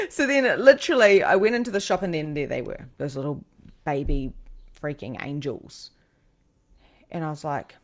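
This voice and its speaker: A woman, a psychic host telling a personal story with lively energy, acting out what people said and swearing casually. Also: lowish voice, fairly quick. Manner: animated, acts out quoted lines, swears casually.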